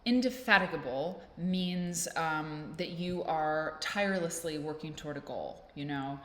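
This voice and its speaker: Low-pitched female vlogger, rambling and self-mocking, recorded in a reverberant room. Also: unhurried. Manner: rambling, self-deprecating, playful. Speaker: vlog host. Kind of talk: casual chat to camera. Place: indoors at home with a fan blowing. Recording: echoey room with faint noise.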